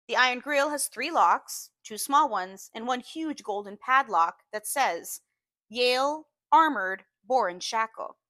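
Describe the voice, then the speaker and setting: A woman reading a novel aloud in a measured storytelling manner, slowing down to stress key phrases. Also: fairly high pitch, bright, forceful tone, no echo. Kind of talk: audiobook-style reading.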